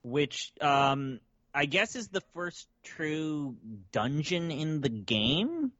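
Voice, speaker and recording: A man's voice: on the high side, big pitch swings, drawn-out words, fairly bright tone, no room sound, highs cut off. A man co-hosting a casual podcast chat, blunt and exasperated, swearing freely. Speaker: podcast co-host.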